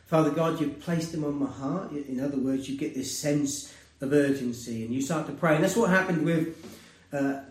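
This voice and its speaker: A male preacher delivers a sermon in an earnest, conversational way, swinging from loud emphatic peaks to quiet, hushed lows. His voice sits a little high. He is heard from some distance in a reverberant room. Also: normal speed, hardly any pauses. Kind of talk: sermon with personal testimony. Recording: roomy, distant mic.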